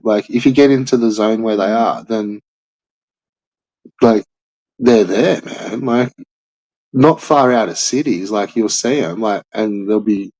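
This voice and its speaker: A man's voice: fairly low pitch, darkish tone, no room sound, low-quality recording. A young man hosting a casual chat, rambling loosely with lots of filler words and swearing. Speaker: podcast host.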